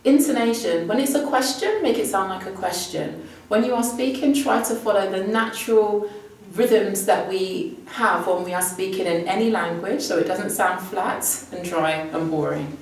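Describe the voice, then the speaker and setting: A woman's voice: mid-range voice, normal speed. Woman teacher in a very echoey room. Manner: upbeat, emphatic, teacherly. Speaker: Spanish teacher. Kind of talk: exam prep lesson. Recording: distant mic with heavy room echo.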